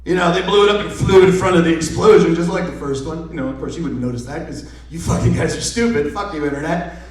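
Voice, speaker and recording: This comedian talks fast in a fairly high voice, ranting sarcastically and cursing constantly on a live stage. He's picked up from well off the microphone in an echoing room.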